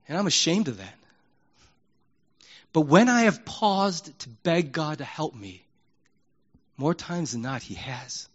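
Male pastor, sermon, candid and emphatic, slightly high voice, dull lo-fi sound. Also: takes it slowly, long pauses. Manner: animated, emphatic preaching that swings between loud and hushed; conversational and candid, acts out prayers in his own voice.

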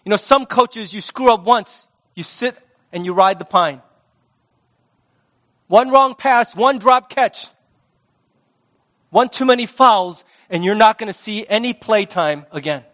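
A male pastor giving a sermon in a conversational, lively manner with sports talk. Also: sits high, unhurried, pauses often.

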